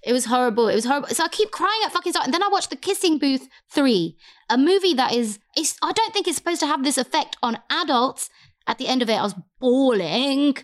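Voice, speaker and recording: A woman, telling a story in an animated, expressive way and swearing freely in casual chat. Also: sits high, a little fast.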